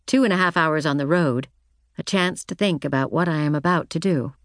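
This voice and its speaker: An audiobook narrator, a woman, delivers scripted first-person fiction in a low, steady voice. She reads in a measured, reflective way, and the studio sound is close and dry.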